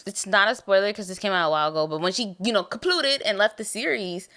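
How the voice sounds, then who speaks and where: A tired young American woman hosting a podcast, chatting casually about a TV show in a rambling, animated way. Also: medium pitch, fast talker. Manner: rambling, animated, trails off and restarts. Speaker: podcast host. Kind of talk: casual TV review chat.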